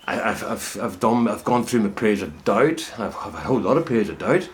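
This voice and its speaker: In a lowish, expressive voice at a slightly fast pace, a middle-aged man talks to camera from inside his greenhouse. As a home potato grower vlogging, he chats casually, rambling and reflecting on his potatoes.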